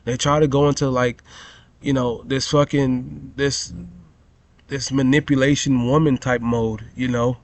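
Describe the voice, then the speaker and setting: A man's voice: medium pitch, little pitch movement, unhurried, dry recording. A young man telling a profane, rambling story as a vlogger rant, full of "bro" and "you know".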